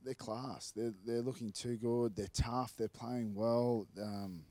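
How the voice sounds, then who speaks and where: A man's voice: medium pitch, flat delivery, slow, mellow, no echo. A man co-hosting a podcast, chatting casually about rugby, swearing freely and stumbling over his words. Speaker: podcast co-host. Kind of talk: casual sports banter.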